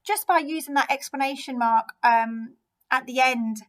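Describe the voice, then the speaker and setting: A woman's voice: high-pitched, normal speed, a bit bright. A woman teacher, giving a recorded remote lesson and explaining each answer step by step in an encouraging way. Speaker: primary school teacher.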